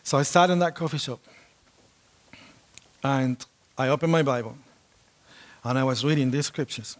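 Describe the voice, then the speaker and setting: A man preaching a sermon to a congregation, telling a personal story with lively acted-out quotes. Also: medium pitch, normal speed. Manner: animated storytelling, acts out quotes.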